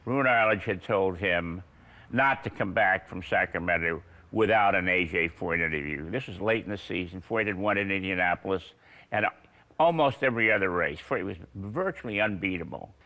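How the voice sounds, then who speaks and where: A man in his eighties, a veteran racing broadcaster, telling anecdotes in an unhurried, chuckling way. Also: sits low, lively intonation, bright, forceful tone. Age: 80s. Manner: unhurried, chuckling raconteur with fillers. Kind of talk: anecdotal storytelling.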